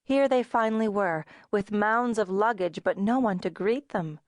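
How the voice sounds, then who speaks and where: This is scripted audiobook narration by a woman of medium pitch, delivered in a measured, even storytelling way. The recording is dry and of studio quality.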